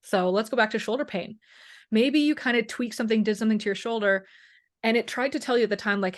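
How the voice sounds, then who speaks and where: A woman talking casually as a wellness coach in an interview, animated and acting out quoted voices, peppering her speech with "like" and "you know". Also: on the high side, fast. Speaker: chronic pain and wellness coach, guest.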